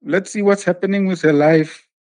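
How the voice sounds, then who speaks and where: A man's voice: high voice, steady tone, moderate pace, a little mellow. A man telling a story in casual chat, acting out the quotes and laughing often. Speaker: podcast host telling a story.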